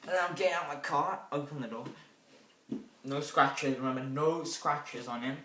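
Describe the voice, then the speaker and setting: A young man reviewing a movie in a rambling, hesitant way, with sudden loud bursts of excitement. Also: on the high side, moderate pace, a little hiss or hum. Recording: echoey room, mic set back.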